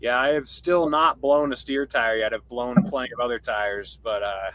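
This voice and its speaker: A man hosting a podcast, asking questions in a relaxed, casual chat. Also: mid-range voice, normal speed, dry recording, poor audio. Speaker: podcast host.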